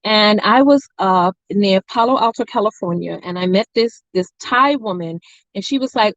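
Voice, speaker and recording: A woman with family from Nevis hosts a mukbang livestream, chatting casually with live viewers and telling stories between bites, with playful asides to chat. Her medium-pitched voice is expressive and fairly quick, and the dry recording has its highs cut off.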